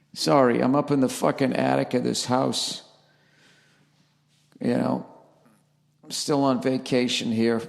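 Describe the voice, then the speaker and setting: A man's voice: mid-range voice, vocal fry. A man hosting his podcast alone, talking in a rambling, profane and sarcastic way from the attic of a house. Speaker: podcast host. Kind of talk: casual solo podcast monologue. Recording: echoey attic room.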